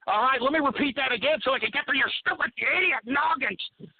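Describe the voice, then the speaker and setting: A man's voice: extremely high pitch, fairly quick, vocal fry, slightly rough. Angry ranting talk radio man. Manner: swears a lot. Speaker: radio talk show host. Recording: tinny phone-like radio audio.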